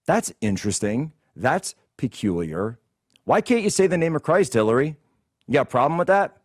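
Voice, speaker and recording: A man's voice: mid-range voice, very animated, normal speed, no room sound, clean studio sound. A man hosting a political commentary show, ranting in a combative, indignant way. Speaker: host.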